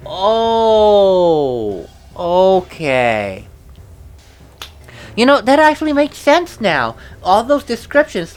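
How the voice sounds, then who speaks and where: A woman giving casual commentary while playing a video game, chatty and rambling, often restarting her sentences. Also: on the low side. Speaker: let's play commentator. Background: faint game music.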